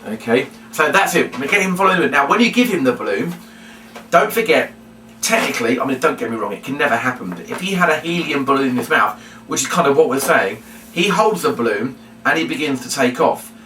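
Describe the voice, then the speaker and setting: A man's voice: medium pitch, expressive, fast talker, bright, forceful tone, a little hiss or hum. A man teaching a puppet routine, chatty and explanatory, often repeating his reminders. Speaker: puppetry instructor. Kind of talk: demonstration tutorial. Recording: roomy, from a distance.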